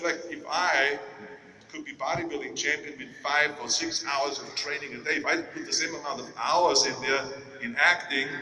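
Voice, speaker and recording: Keynote speaker: older Austrian man, very bright, emphatic, heard from afar in a reverberant arena. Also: a little high, recorded from a distance, a little hiss or hum. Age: 60s. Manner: emphatic storytelling, mimics naysayers. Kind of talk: motivational speech. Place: large indoor sports arena.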